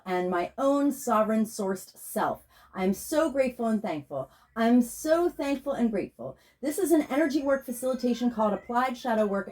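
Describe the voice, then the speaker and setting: A woman, a spiritual healer, leading a slow, soothing guided meditation and a chanted prayer. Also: a little high, darkish tone. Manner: slow, soothing, incantatory delivery. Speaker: spiritual healer doing a tarot reading.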